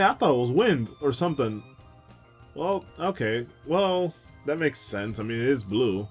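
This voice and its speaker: Young male let's-player, mid-pitched voice, loose rambling storyteller, faint game music under him. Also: sing-song, a little slow, husky. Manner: rambling, chatty anecdotes with frequent laughs and fillers. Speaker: gaming streamer. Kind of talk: casual let's-play storytelling.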